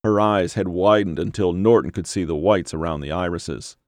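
Deep male narrator, dry close sound, steady measured horror audiobook read. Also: no echo.

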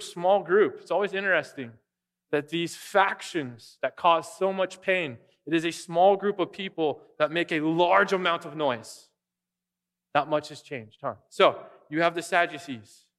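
A man's voice: fairly high pitch, fairly bright tone. Man preaching with emphatic questions. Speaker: pastor. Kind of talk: sermon.

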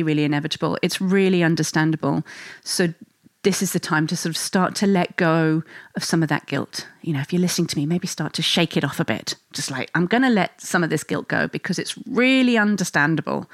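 Gentle reassuring woman, dry close sound. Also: fairly low pitch, no echo. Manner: gentle and reassuring, acts out stressed inner thoughts. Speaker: parenting speaker, mother. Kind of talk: reflective talk to listeners.

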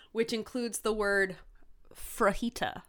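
A woman's voice: mid-range voice, lively intonation, moderate pace. A young woman co-hosting a podcast in casual chat, rambling into tangents and laughing often. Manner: chatty, laughs often, warm teasing tangents. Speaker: podcast co-host.

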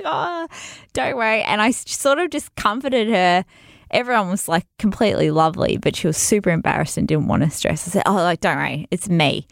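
A woman chatting casually on a podcast, telling a story in an animated way, laughing often and acting out what people said. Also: medium pitch, a little fast, creaky, no room sound, clean studio sound. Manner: animated, laughs often, acts out quoted voices.

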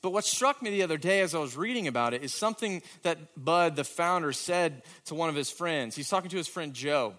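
A male pastor delivering a sermon in a slightly raised voice. He swings between hushed, near-whispered passages and emphatic questions, building intensity as he makes his points. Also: fairly high pitch, expressive, brisk, few pauses. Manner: dramatic, shifting from hushed to emphatic.

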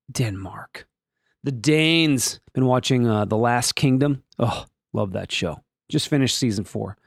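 A man's voice: creaky, dry recording, studio quality. A man hosting a daily solo podcast, chatting casually in a rambling, jokey way. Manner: rambling, jokey, animated, swooping pitch. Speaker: podcast host.

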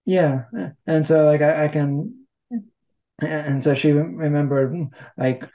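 Guy chatting in an interview, kinda high voice, rambly and self-mocking, slightly muffled audio. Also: steady tone, slow, dark tone. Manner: rambling, self-deprecating humor. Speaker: interview guest. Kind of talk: casual conversation.

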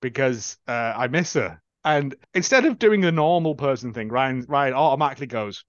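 Male co-host, sarcastic film recapper, high and very animated, dull dry lo-fi recording. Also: no echo. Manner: sarcastic recapping with quick put-on character voices. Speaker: podcast co-host. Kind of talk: casual film review chat.

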